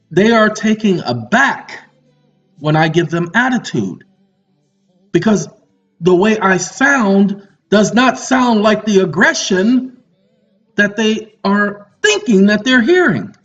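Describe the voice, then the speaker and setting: A man's voice: high voice, lively intonation, a little slow, a bit bright. A man giving a lecture monologue in a preachy, confrontational manner with teasing asides. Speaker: online lecturer. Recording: muffled audio with faint music.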